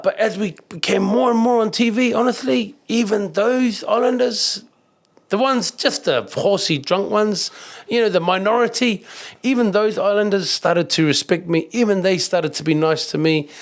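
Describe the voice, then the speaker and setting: A middle-aged man with a New Zealand accent tells stories in a casual podcast chat, his voice gravelly and set a little high. He rambles and grows animated, swearing now and then and putting on the voices of people he meets. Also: normal speed. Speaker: kickboxing champion and coach, guest. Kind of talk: casual storytelling interview.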